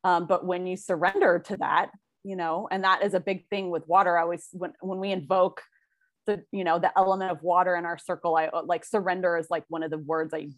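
A woman co-hosting a casual podcast, thinking aloud in a soft, reflective way with many fillers. Her voice sits a little low, and the sound is close and dry. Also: fairly even intonation, a little fast, no room sound. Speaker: podcast co-host.

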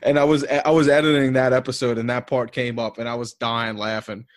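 A Southern-accented man chats on a podcast, swearing and wandering through stories with constant fillers. His voice sits at an ordinary middle pitch. The sound is dry and close. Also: level tone, a little fast, no echo. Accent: American Southern. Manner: rambling, profane, filler-heavy storytelling with frequent laughs. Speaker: podcast host. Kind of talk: casual podcast chat.

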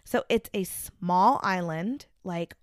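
A woman's voice: lowish voice, takes it slowly, no room sound, studio quality. A young adult woman co-hosting a podcast, chatting casually and laughing between remarks as she presents her research. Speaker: podcast co-host.

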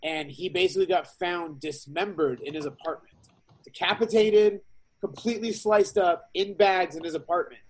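A man with a high voice, talking quickly and excitably in casual podcast banter. He swears freely and jumps into topics with gusto. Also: slightly rough, poor audio. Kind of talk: casual chat.

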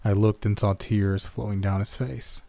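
Dark low-voiced male horror narrator. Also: steady tone, creaky, dry recording. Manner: measured, somber storytelling. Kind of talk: scripted first-person horror narration.

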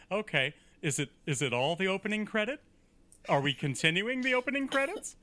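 A man's voice: sits high, very animated, fairly quick, pushed and bright. A man appearing as a podcast guest, making wry, joking asides about a movie. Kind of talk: casual movie chat.

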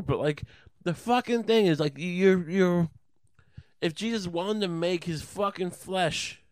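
A man's voice: on the high side, no echo. Profane rambling comedic man. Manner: profane, rambling, laughing at his own jokes. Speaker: podcast host. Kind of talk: casual comedic rant.

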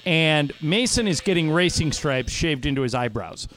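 A man hosting a sports radio show, chatting casually with halting restarts. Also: fairly high pitch, expressive, a bit bright.

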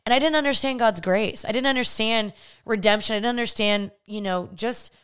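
Young woman podcast host, clear smooth voice, earnest and candid, chatty faith testimony. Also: a little high, a little fast, a bit bright. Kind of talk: personal faith testimony, casual storytelling.

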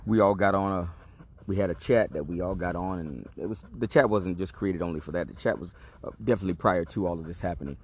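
A podcast host tells a long personal story in a casual monologue, laid-back, streetwise, and profane. He talks fast in a low voice with a breathy edge.

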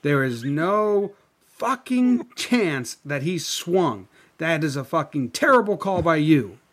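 A man's voice: fairly high pitch, very animated, slow. A man giving a profane, sarcastic breakdown of a video clip, acting out the people he quotes.

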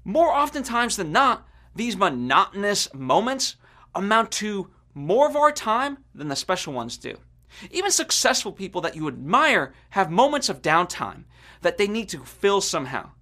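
A man's voice: high voice, very animated, moderate pace, bright, forceful tone. A man hosting a podcast, delivering an earnest, reflective scripted monologue. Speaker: podcast host.

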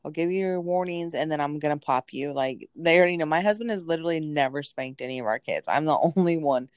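Her low voice is smooth and fast as she co-hosts a podcast, keeping things relaxed and conversational and frequently agreeing with a "yeah." It's studio quality with no room sound.

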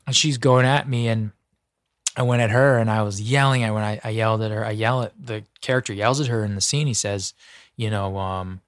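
A man's voice: fairly low pitch, fairly even intonation, brisk, no room sound, studio quality. A man speaking as an actor guest in a casual interview, earnest and heartfelt, often restarting his sentences. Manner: earnest, heartfelt, full of restarts and "you know".

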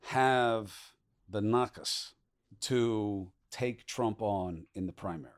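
A man hosting a podcast interview, talking in a quick, conversational way with many fillers. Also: fairly low pitch, darkish tone. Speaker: podcast host.

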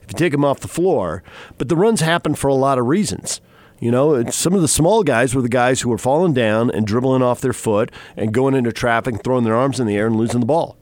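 A man's voice: medium pitch, expressive, fairly quick, a little mellow, dry recording. Man hosting sports radio in a dry studio. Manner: chatty, teasing, laughs often. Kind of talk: sports radio chat and news update.

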